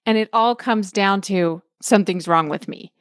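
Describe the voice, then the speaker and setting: A woman's voice: medium pitch, normal speed, clear, resonant tone, no echo, studio quality. A woman podcast host chatting casually, enthusiastic and effusive. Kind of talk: casual chat.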